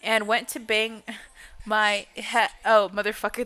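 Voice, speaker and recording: A woman's voice: on the high side, steady tone, unhurried, sharp tone. A young woman streaming a game and chatting casually, swearing constantly and playfully. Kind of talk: casual gameplay chat.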